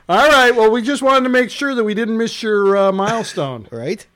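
A man's voice: high voice, a little slow, a bit bright. A man co-hosting a podcast, joking and teasing in casual banter with a friend. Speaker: podcast co-host.

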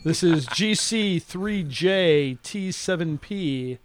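Male podcast co-host, a little high-voiced, loose and chatty, laughs as he reads. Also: animated, slow, noisy background. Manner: reads listener notes aloud with chuckles. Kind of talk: casual chat.

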